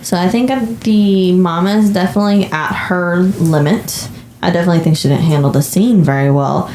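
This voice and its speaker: A woman co-hosting a podcast, talking through a movie in a chatty way and working out her thoughts as she goes. Her voice sits a bit low for a woman, and the echoey room carries a faint background noise. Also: steady tone, brisk, a little mellow. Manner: chatty, thinking aloud. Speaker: podcast co-host. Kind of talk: casual movie discussion.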